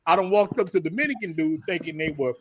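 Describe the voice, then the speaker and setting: An American man hosting a livestream group chat, telling animated, slangy stories and laughing often. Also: fairly high pitch, fast, a little hiss or hum. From United States. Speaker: livestream host.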